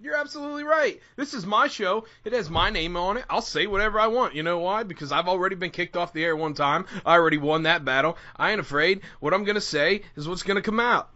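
A man's voice: sits high, expressive, fast, hardly any pauses, sharp tone, muffled recording. A man hosting a casual podcast, talking in a hyped-up way and prone to going off on rants. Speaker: podcast host.

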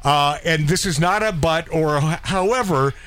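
A man hosting a casual radio chat, excitable, tripping over restarts. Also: on the high side, normal speed. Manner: excitable, stumbling restarts, laughs often. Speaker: radio host.

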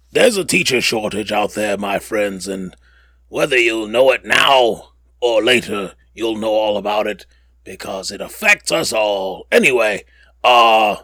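A man's voice: on the low side, pushed and bright, no echo. A man hosting a casual podcast, rambling and joking with lots of fillers and self-corrections. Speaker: podcast host.

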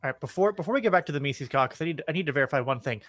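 A man's voice: a little high, lively intonation, very fast, a bit bright, no room sound. A man guesting on a podcast, chatting casually and rambling, with lots of "like" fillers. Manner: rambling, heavy use of filler "like". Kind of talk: casual chat.

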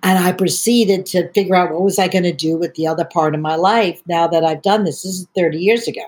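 A woman's voice: fairly low pitch, steady tone, fast, a little mellow. An older woman, a tea entrepreneur, chatting as a podcast guest and telling long rambling stories. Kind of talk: podcast conversation.

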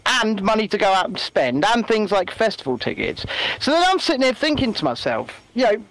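Guy on a podcast, high voice that swings all over, dry close sound. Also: brisk, no echo. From England. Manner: animated, mocking voices for effect. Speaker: podcast co-host. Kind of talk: casual political chat.

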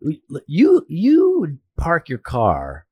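A man in his forties telling stories in a loose, joking chat. His pitch swings widely as he acts out scenes and teases his co-host. The sound is close and dry. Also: takes it slowly, breathy edge, no echo, dull audio. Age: 40s. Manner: animated storyteller, teasing, acts out his own shouting. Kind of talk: casual chat.

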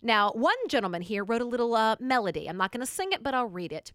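A woman with a Southern American accent co-hosting a radio talk show, reading news stories aloud in a teasing, animated way. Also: on the high side, fast, hardly any pauses, dry recording, studio quality. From Southern United States.

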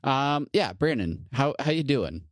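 A man's voice: medium pitch, very animated, measured pace, no echo, studio quality. A man co-hosting a podcast, chatting casually with a laid-back, joking manner and many fillers. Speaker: podcast co-host.

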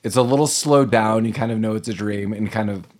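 A man's voice: lowish voice, fairly quick, a little mellow. A man co-hosting a casual movie recap podcast, joking, laughing often and acting out lines. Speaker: podcast co-host.

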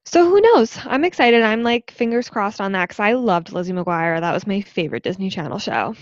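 A young woman in her twenties co-hosts a casual podcast chat, easygoing and agreeable, sprinkling in "yeah" and "like." Her mid-range voice is sing-song and a little fast, recorded with no room sound on dull audio.

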